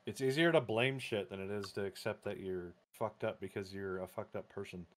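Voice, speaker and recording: A man talks in a casual podcast chat with a fairly low voice. He is blunt and sarcastic in his remarks. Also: fairly quick.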